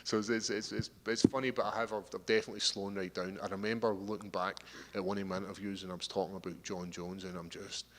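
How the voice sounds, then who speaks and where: A man's voice: sits low, little pitch movement, fast talker, few pauses. A Scottish man in his thirties, a fighter answering media questions with easygoing, rambling talk full of restarts. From Scotland. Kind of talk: casual interview answers. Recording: long hall reverb.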